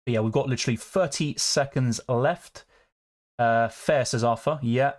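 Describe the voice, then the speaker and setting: A young man chatting casually on a live stream, answering viewer questions in a relaxed, conversational way. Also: mid-range voice, normal speed. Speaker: fantasy football streamer.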